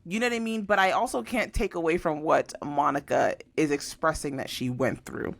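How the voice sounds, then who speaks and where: A woman's voice: deep voice, moderate pace, vocal fry. A young woman co-hosts a casual podcast, recapping reality TV drama. She tells the story with energy and acts out each quote. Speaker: podcast co-host.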